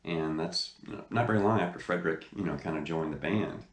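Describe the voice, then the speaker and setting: Speaking a little fast in a low voice, a man hosts a guitar lesson on his channel from a seat facing the camera in an echoey indoor room. His casual lesson talk is enthusiastic and rambling, packed with fillers.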